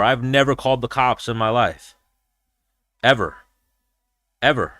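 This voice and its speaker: A man's voice: lowish voice, a bit bright, no room sound. A young man hosting a casual livestream, talking in a rambling, profane way and telling stories. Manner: profane, rambling storyteller who slips into impressions. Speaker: show host.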